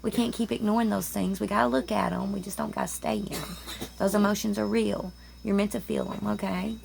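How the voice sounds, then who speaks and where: A woman's voice: mid-range voice, fairly even intonation, fairly quick, creaky, a little mellow, a little hiss or hum. A woman giving a rambling, chatty tarot reading at home, often stopping to interrupt herself. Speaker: tarot reader. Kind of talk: casual spiritual chat to camera. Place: home room with roommates nearby.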